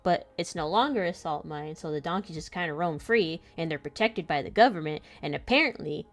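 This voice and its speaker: A woman's voice: sits low, lively intonation, fairly quick. Giggly young woman rambling through a story. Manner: giggly, laughs often between sentences; loose rambling storytelling with many fillers. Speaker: comic artist and channel host. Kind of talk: casual chat while drawing.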